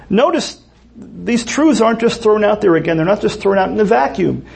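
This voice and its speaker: A man's voice: high voice, animated, moderate pace, creaky, darkish tone. A man preaching a sermon as pastor, earnest and emphatic, often restarting his phrases.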